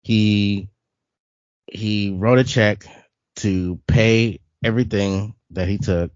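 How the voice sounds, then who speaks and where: A man's voice: lowish voice, fairly even intonation, slow pace, darkish tone, no room sound, dull audio. A man co-hosting a podcast, telling a long personal story in casual chat, repeating words and laughing often. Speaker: podcast co-host.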